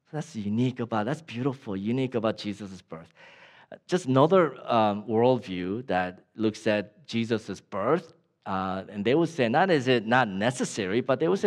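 A man preaching a sermon as a pastor in a church, with many restarts and acted-out quotes, climbing high when excited and dropping low and soft. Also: normal speed.

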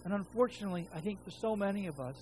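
With a high-sitting, slightly mellow voice, this man in his thirties races through his sermon as a pastor while faint music plays behind him. His personal story comes out in a casual, conversational style, complete with acted-out quotes of himself and God. Audio quality is low.

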